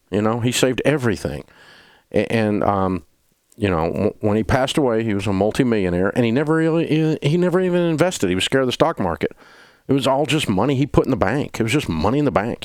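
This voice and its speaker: A man's voice: deep voice, no room sound, clean studio sound. A man, hosting a call-in advice show and telling stories in a folksy, plainspoken way. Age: 50s. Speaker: radio show host.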